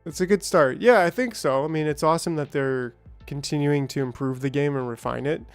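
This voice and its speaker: A man's voice: fairly high pitch, fairly quick, smooth, no echo, faint music behind. Chatty man streaming a factory game. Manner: rambling, chatty, greets viewers by name. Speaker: gaming streamer. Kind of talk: casual let's-play commentary.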